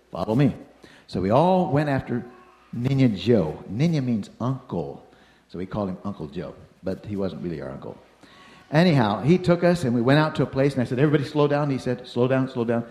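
Older guy telling a story, acts out all the shouting, lots of up and down, kinda echoey. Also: mid-range voice. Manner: animated, acts out the voices and shouts in his story. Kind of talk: personal anecdote storytelling. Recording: roomy echo.

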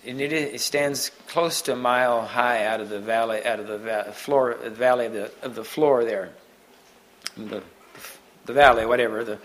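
A man giving an unscripted sermon to a Mennonite congregation, halting often and restarting his sentences. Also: medium pitch, a bit bright, low-quality recording. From Mennonite community. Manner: halting, many restarts and repeated words. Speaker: preacher.

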